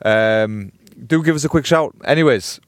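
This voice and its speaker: A man's voice: medium pitch, normal speed, no echo. Teasing man, dry close sound. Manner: teasing, bantering. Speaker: podcast co-host. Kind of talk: casual chat.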